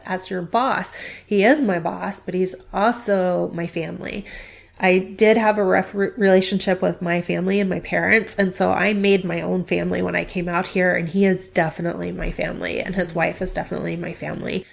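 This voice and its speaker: A woman's voice: mid-range voice, gravelly. A middle-aged woman telling her story in a casual interview, chatty and rambling, often restarting her sentences. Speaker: veterinary clinic staff interviewee.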